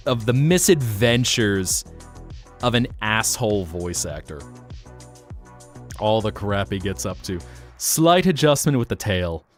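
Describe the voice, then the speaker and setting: A man chatting casually on a live stream, playful and animated, swearing and laughing often. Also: on the low side. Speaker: VTuber streamer.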